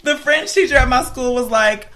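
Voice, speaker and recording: A woman's voice: high voice, moderate pace, very noisy. A woman in her thirties co-hosting a casual chat podcast, telling a story with lots of laughter. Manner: animated storyteller, laughs often. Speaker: podcast co-host.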